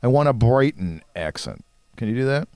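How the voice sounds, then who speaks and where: A man's voice: medium pitch, very animated, moderate pace, dark tone, clear, resonant tone, no echo. A man co-hosting a podcast, telling stories in a rambling, chuckling way. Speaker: podcast co-host, marketing professor. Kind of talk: casual chat.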